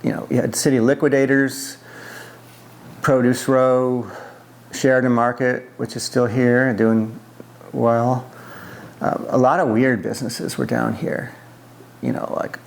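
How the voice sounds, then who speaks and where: A man's voice: medium pitch, vocal fry. A middle-aged man from the US East Coast, recalling his past in an oral history interview, with many fillers and restarts.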